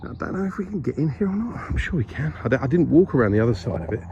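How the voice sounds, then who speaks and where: A man's voice: medium pitch, very animated, racing, dull audio, background noise. Breathless man vlogging outdoors. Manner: chatty, rambling, self-mocking. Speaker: vlogger exploring a historic site. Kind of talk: casual walking vlog. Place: outdoors on a hilltop by a graveyard. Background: birdsong.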